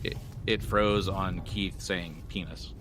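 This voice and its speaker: A man narrating as game master of a tabletop game in an unhurried, laid-back way. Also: deep voice, steady tone, a bit bright.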